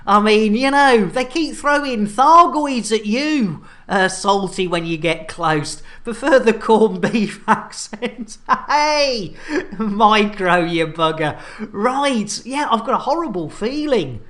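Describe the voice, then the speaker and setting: Animated woman streamer. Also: medium pitch, slow. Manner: animated, chatty, full of fillers and thank-yous. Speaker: game streamer. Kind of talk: casual live-stream chat.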